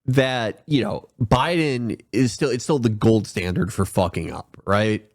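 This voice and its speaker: A man on a livestream as a guest, riffing sarcastically in casual chat with deadpan jokes and lots of fillers. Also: on the low side, unhurried. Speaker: guest commentator.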